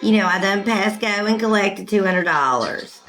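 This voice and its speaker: A woman's voice: medium pitch, animated, moderate pace, low-quality recording. A talkative woman rambling and laughing often in a casual livestream chat, with music playing behind her. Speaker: livestream host.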